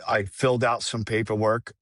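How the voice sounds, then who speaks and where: A man's voice: fairly low pitch, level tone, moderate pace, a bit bright, dry recording, clean studio sound. A middle-aged man telling a candid personal story, rambling and profane, with frequent restarts. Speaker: guest singer.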